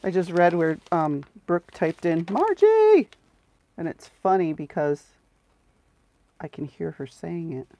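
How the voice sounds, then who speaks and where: A woman's voice: sits low, fairly even intonation, unhurried, a little mellow. A middle-aged woman, the host of a crafting livestream, chatting casually and sarcastically to her viewers as she works, close to the mic. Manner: chatty, sarcastic, talks to herself while working.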